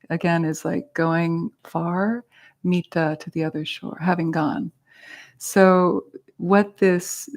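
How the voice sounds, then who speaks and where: A woman with a fairly low voice leads a class. She explains terms patiently and casually, with self-aware asides to her students. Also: a little mellow. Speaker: meditation teacher. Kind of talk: casual teaching talk. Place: class with a group present.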